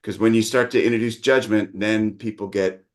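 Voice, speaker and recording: Low-voiced middle-aged male dialect coach. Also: fairly even intonation. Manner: measured, patient, teacherly. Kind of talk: explanatory interview talk.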